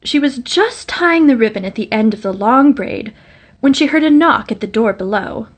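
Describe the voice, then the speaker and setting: Woman storyteller, fairly high voice, gentle and measured, fairytale audiobook. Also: lively intonation.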